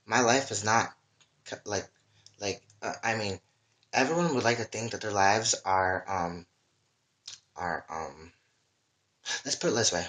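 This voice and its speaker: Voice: deep voice, sharp tone. A livestreamer in a casual, rambling monologue, emotional and full of swearing. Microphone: webcam or phone mic.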